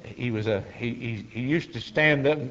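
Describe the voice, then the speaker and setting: A man preaches with a folksy, unhurried storytelling style, pausing on filler words. His voice sits at an ordinary middle pitch. The recording is lo-fi and muffled. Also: a bit bright. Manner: folksy, halting, with frequent "uh" fillers. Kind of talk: sermon storytelling. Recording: dull lo-fi sermon recording.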